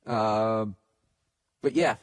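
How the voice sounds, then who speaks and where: He hosts a podcast and delivers his advice as a heavily profane, blunt rant. The voice is low-ish and clean-toned, and he speaks very slowly.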